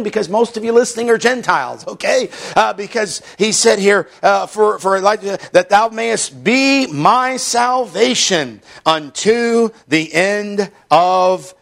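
Gravelly-voiced fervent male preacher. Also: sits high, fairly bright tone. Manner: emphatic, rising into fervent stretches; reads Scripture aloud in slow measured delivery. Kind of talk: sermon.

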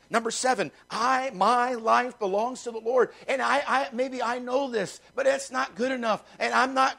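A man preaching a sermon with a high voice roughened by gravel. He drives points home by repeating phrases, pushing his voice up loud and then dropping it low. His delivery is emphatic throughout. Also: rough recording. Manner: emphatic preaching with wide swings in pitch and loudness. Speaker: pastor.

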